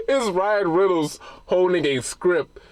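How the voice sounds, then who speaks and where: A man's voice: lowish voice, moderate pace, dry recording. A man giving a casual, rambling spoiler review of a film, retelling scenes with plenty of swearing.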